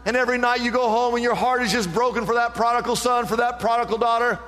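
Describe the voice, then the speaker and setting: A man preaching a sermon as pastor, with impassioned delivery that climbs higher on the points he presses. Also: fairly even intonation, fast talker, fairly bright tone, big-room sound. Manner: impassioned preaching, rising pitch on emphasis.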